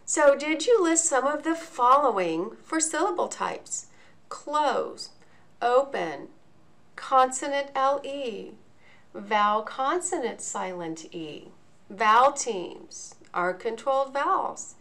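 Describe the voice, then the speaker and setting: Slow, deliberate woman teaching phonics. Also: high-pitched, lively intonation, fairly bright tone. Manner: slow, deliberate, clearly enunciated. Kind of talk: instructional video lesson.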